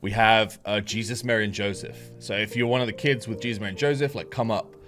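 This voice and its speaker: A man playing a polite, slightly flustered church vicar who speaks softly and hesitantly. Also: lowish voice, fairly even intonation, fast talker, soft background music, natural voice. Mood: mild.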